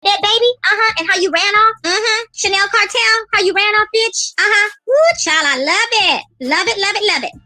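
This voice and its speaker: A woman's voice: very high-pitched, pushed and bright, no echo. A woman in her fifties ranting on a livestream, taunting and dragging out jeers. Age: 50s. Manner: taunting, drawn-out slow jeers. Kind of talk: livestream rant.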